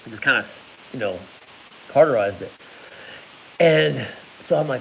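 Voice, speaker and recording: A man's voice: medium pitch, expressive, moderate pace, creaky, pauses often, a bit bright, slight background noise, poor audio. A man telling a casual personal story, laughing often and making sound effects. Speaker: vlogger.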